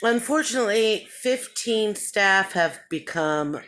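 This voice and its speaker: A woman's voice: mid-range voice, animated, slow, a bit bright. Woman, casual vlog, chatty, rambling, laughs a lot, acts out other people's lines. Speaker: vlogger.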